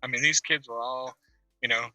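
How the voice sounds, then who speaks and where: A man on a video call telling a profane, animated story with bursts of laughter. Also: mid-range voice, normal speed, dry recording, soft background music, poor audio. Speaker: caller on a video call-in panel. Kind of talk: casual storytelling.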